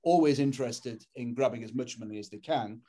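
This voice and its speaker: A man's voice: mid-range voice, fairly quick, mellow, slight background noise. An Englishman with an English accent, speaking earnestly as a panelist in a webinar over a video call, often restarting words. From England. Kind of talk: webinar talk.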